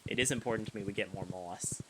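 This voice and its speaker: A man's voice: fairly low pitch, quick pace, background noise. A young man chatting casually while streaming a video game, rambling and restarting his sentences and laughing often. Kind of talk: casual live-stream chat while gaming. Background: game music.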